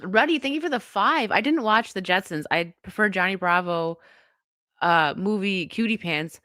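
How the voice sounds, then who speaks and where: A woman host, sick but still chatting, rambles through a casual live stream and laughs often. Her pitch sits mid-range and the sound is dry with no room echo. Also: expressive, normal speed, sharp tone.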